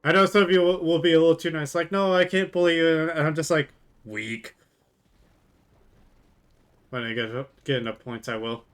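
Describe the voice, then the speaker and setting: A drunk man streams live while drinking, chatting casually with his chat, laughing a lot, swearing and rambling with frequent restarts. His voice is a little high and fairly bright, with a steady tone and a quick pace that leaves few pauses.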